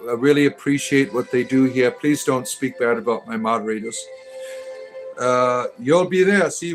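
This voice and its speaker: A man hosting a casual livestream, joking as he reads and answers chat messages and often adding "right?". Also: fairly high pitch. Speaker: livestream host reading chat.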